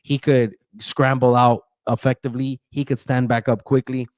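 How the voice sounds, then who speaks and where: A man's voice: mid-range voice, flat delivery, normal speed, dry recording. Man, casual betting picks host, loose chatty delivery, trips over names, dry close sound.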